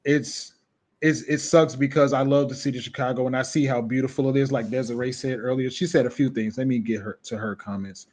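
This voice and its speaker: A man hosting a casual commentary show, animated and reading out viewer comments as he talks. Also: mid-range voice, fast talker. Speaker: show host.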